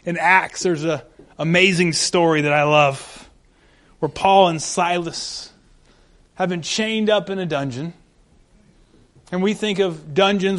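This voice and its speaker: A male pastor giving a sermon, animated and humorous, acting out the scenes he describes. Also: high voice.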